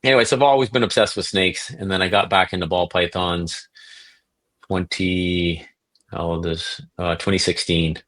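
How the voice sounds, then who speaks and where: A man from Canada, a reptile breeder and podcast guest, telling animated stories and acting out quotes. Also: low voice, moderate pace. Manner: animated storyteller, acts out quotes. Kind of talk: casual podcast storytelling.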